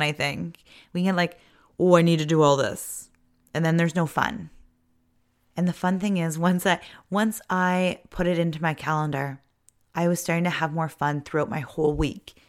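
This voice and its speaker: A woman in her thirties with a slightly low-pitched voice chats to her viewers in a loose, upbeat way. Her talk is casual and rambling, peppered with "like" and "you know.". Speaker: vlogger.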